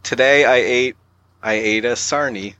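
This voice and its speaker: A podcast co-host putting on a clumsy British accent as a joke, speaking in a halting, deliberate way. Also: male voice, medium pitch, lo-fi sound, heavy background noise, lightly acted. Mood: mock-proper. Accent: put-on British.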